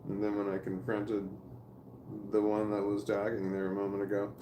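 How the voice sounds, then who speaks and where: A man talking casually to camera in a rambling, halting way, with restarts and swearing. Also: fairly low pitch, completely flat delivery, background noise. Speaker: vlogger. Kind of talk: casual spoken monologue to camera. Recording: roomy echo.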